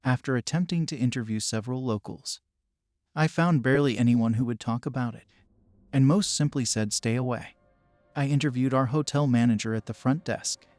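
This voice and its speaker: A man narrating a first-person horror story in a steady, measured storytelling voice. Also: mid-range voice, no echo, soft background music.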